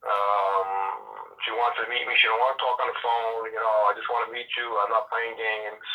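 A man's voice: on the low side, level tone, moderate pace, bright, forceful tone, recorded from a distance, rough recording. A man telling a dating story in a chatty, rambling way, full of fillers. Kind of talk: casual comic storytelling.

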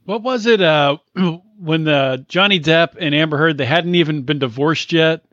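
A man's voice: a little high, moderate pace, a bit bright, no echo. Man on a dull, dry lo-fi mic. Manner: questioning, casual. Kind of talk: casual comedic chat.

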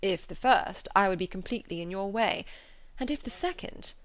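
A woman voicing a proud, reserved gentleman who speaks in a measured, formal way. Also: mid-range voice, animated, natural voice. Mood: grave.

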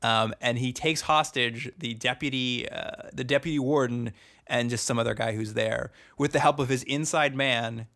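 A young man co-hosts a podcast, recapping a TV show in casual chat. His voice has a gravelly edge at a middle pitch, and his humor is dry and sarcastic. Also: fairly even intonation, moderate pace, fairly bright tone. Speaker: podcast co-host.

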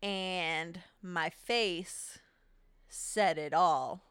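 A woman co-hosting a podcast in casual chat, talking slowly and deliberately, with short reactions. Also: fairly low pitch, a bit bright, clear, resonant tone, dry recording, studio quality. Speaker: podcast co-host.

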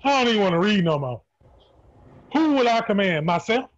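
A man with a high voice reads aloud and jokes chattily during a group call. His audio sounds dull and dry. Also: sing-song, brisk, dry recording. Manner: joking, chatty. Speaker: group member reading aloud. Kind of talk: casual group chat.

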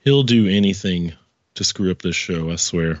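Deep-voiced rambling podcast host. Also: male voice, normal speed, no echo, muffled recording. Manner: rambling, self-correcting, profane asides. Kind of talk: casual political commentary.

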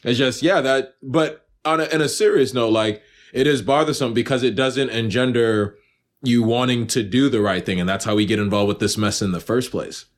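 A man co-hosting a podcast in casual chat, animated, profane and teasing. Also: medium pitch, moderate pace. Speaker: podcast co-host.

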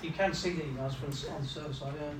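A man's voice: a little high, fairly even intonation, quick pace, reverberant, background noise. A man teaching a classroom lesson, explaining step by step, often checking in with "right?" and acting out what machines say. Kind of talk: classroom lecture.

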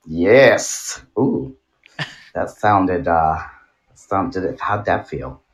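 Brief: deep-ish male podcast co-host, meandering and chuckling, swears freely. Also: lively intonation, very slow. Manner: rambling, giggly, profane. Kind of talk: casual chat.

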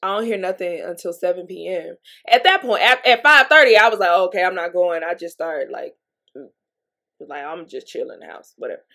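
A young adult woman hosting a podcast, telling a personal story in a chatty, animated way with frequent laughs and fillers. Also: fairly low pitch, a little fast. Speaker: podcast host. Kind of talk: casual storytelling monologue.

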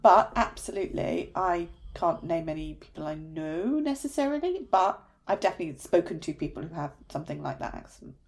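A woman's voice: on the low side, lively intonation, brisk, creaky, few pauses. A woman, chatting casually and animatedly as a podcast host. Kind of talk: casual chat.

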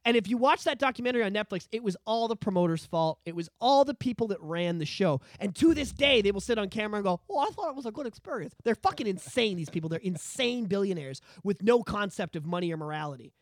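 A man co-hosting a casual podcast, talking in a loud, profane and animated way, often breaking into shouts. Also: high-pitched, fast, few pauses, dry recording, clean studio sound. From Canada. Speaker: podcast co-host.

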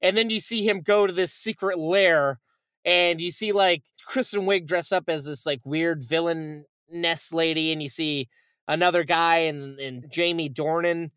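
A man co-hosting a casual podcast, retelling a movie with animated, swearing storytelling. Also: fairly high pitch, a little slow, clean tone, no echo, clean studio sound. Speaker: podcast co-host. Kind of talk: casual chat.

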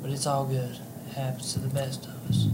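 A man's voice: mid-range voice, monotone, brisk, noisy background. A man chatting casually as co-host, blunt, mocking and full of curses. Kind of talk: casual chat. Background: loud hip hop beat.

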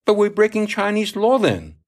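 A man's voice: sits high, wildly swooping pitch, moderate pace, voice pushed up. A man reading aloud, voicing a curious sixteen-year-old male sailor who asks polite, eager questions. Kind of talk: audiobook reading.

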